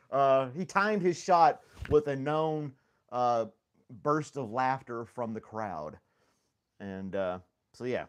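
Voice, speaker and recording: A man's voice: medium pitch, animated, slow, long pauses, clear, resonant tone. A man hosting a casual livestream chat, rambling and joking, laughing often at himself. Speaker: host.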